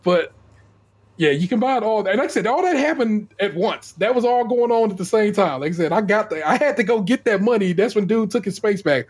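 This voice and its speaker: A man with a husky, rather high voice tells an animated story on a casual podcast. He swears freely and trips over his own words, restarting phrases as he goes. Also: fairly quick. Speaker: podcast co-host. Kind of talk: casual chat.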